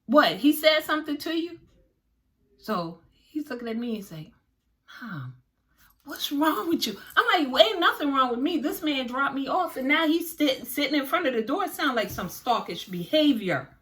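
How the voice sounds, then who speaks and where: Acting out each line of dialogue, a female vlogger dramatically and animatedly recounts a story for her viewers, with features. Her voice sits high and moves at a moderate pace.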